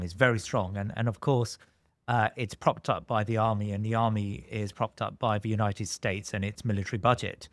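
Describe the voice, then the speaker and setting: Low-voiced podcast host, measured. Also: male voice, no room sound, clean studio sound. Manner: measured, hesitant questioning with fillers. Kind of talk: podcast interview.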